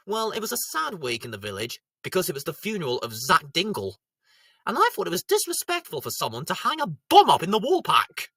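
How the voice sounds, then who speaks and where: A man with a high voice hosting a jokey homemade TV comedy review show, breaking into silly shouted voices. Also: wildly swooping pitch, fairly quick, husky, dry recording, studio quality.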